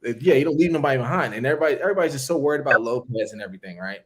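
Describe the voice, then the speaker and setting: A man's voice: very fast, over a noisy crowd. A man casually telling a long story on a podcast, acting out what people said with big jumps in his voice. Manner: animated, acts out quotes with big pitch jumps.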